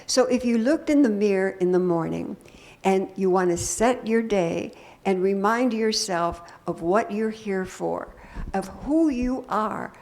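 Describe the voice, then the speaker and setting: An older woman minister preaching a sermon to her congregation, conversational and gently humorous, often asking the room questions. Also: mid-range voice, vocal fry. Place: church sanctuary.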